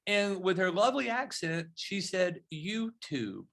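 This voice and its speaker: A middle-aged man, a podcast guest, telling stories in a lively way and acting out the dialogue. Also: fairly high pitch, brisk. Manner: storytelling, animated when acting out dialogue. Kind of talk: podcast interview.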